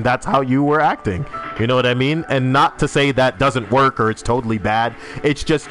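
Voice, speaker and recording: A man streaming a game, chatting loosely with teammates and viewers, loud and swearing constantly. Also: mid-range voice. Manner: animated, talking to teammates and chat. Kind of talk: casual live-stream chat while gaming.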